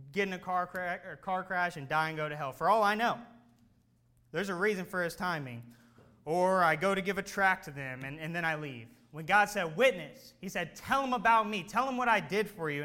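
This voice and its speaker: Bright, high-voiced young-sounding preacher man. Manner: earnest, conversational storytelling that rises to urgent exhortation. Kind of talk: sermon.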